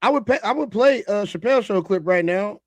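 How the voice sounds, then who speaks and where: A man's voice: sits high, fairly quick, dry recording, highs cut off. A man hosting a live reaction stream, laughing, talking to his chat and reading their comments aloud. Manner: animated, laughing, talks to chat. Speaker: streamer host reacting to a video.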